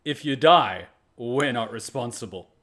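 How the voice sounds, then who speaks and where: A man, casually telling a story in an animated way, swearing freely and dropping lots of fillers. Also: mid-range voice, a little slow. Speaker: reaction channel host.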